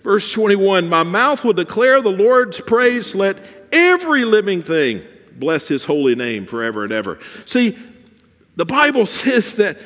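Guy preaching a sermon, really animated up and down delivery, echoey church hall. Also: high voice, a little slow. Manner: preaching with swings between soft and emphatic. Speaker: pastor.

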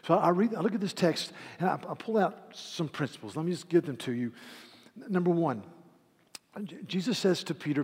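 A man preaching a sermon, earnest and dramatic, retelling a scripture scene with hushed, quoted lines. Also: fairly high pitch, lively intonation, fairly quick, slightly rough. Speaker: pastor. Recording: long hall reverb.

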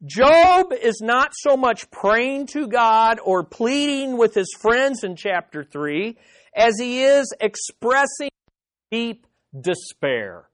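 With a sing-song, mid-range voice and an unhurried pace, a Bible teacher delivers an emphatic study lesson to a live audience. The teacher keeps questioning the listeners directly and repeats words to hammer a point.

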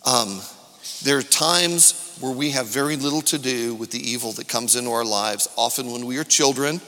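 Bright-voiced preacher man in a reverberant church. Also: mid-range voice. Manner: rising from quiet reflection to loud calls to the congregation. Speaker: pastor. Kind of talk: sermon. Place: church sanctuary. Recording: long hall reverb from a church.

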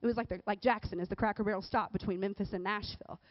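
A woman giving a casual, conversational sermon, often checking in with the crowd with a quick "right?". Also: mid-range voice, fairly even intonation, no room sound. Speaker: speaker at a church or youth service. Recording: dull, dry recording.

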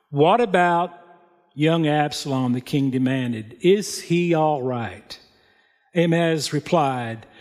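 A man preaching a sermon, reading scripture and adding plain, folksy comments. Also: fairly high pitch. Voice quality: unhurried, plain spoken storytelling with folksy asides. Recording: long hall reverb.

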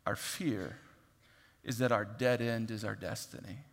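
A man preaching a sermon, acting out voices and swinging from loud to hushed. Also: lowish voice, steady tone, measured pace, vocal fry, long reverb tail. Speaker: pastor.

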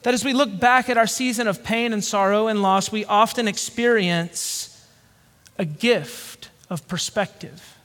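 A high-voiced man delivers an earnest, reflective sermon in a slow cadence with pauses. The sound rings with a long hall reverb. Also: fairly bright tone. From Georgia, USA. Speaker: pastor.

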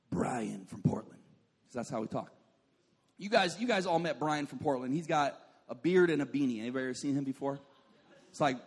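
A man's voice: mid-range voice, big-room sound. A young adult man preaching a sermon, telling a funny story and putting on the voices of people in it. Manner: animated, jokey, acts out voices of people in his stories.

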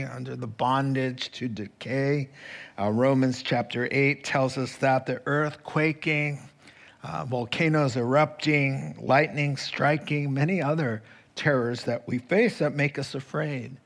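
Male pastor, earnest sermon delivery, measured and slow, mid-range voice. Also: medium pitch, vocal fry. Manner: slow, earnest preaching with prayerful phrasing.

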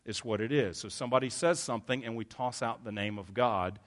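A man's voice: medium pitch, fairly quick. A man preaching a sermon as pastor, earnest and emphatic, often stopping to correct himself.

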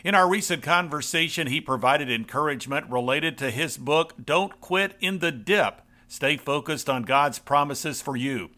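Bright-voiced male radio host. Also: fairly high pitch, normal speed, few pauses. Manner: smooth announcer reading. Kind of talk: scripted radio introduction.

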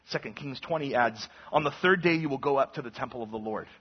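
A man's voice: mid-range voice, quick pace, breathy edge. A man in his thirties, a pastor giving a conversational sermon that teaches from the Bible and acts out the lines he quotes. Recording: dull lo-fi sermon recording.

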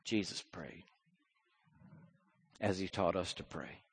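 A male preacher delivering a sermon, swinging from hushed, slow lines to loud, fervent ones. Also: sits low, animated, husky.

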